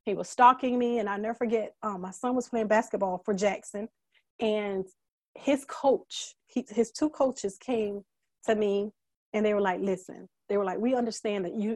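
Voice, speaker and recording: A middle-aged woman as a guest, telling her story candidly in an earnest, halting way, holding back tears. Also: mid-range voice, dark tone, no echo. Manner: earnest, halting, many fillers and restarts; emotional, fighting back tears. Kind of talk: candid conversational testimony.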